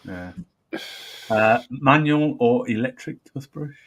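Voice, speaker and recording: A man's voice: mid-range voice, animated, slow pace, dull audio. A middle-aged man hosting a casual chat, easygoing and hesitant, with frequent uhs. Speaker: host.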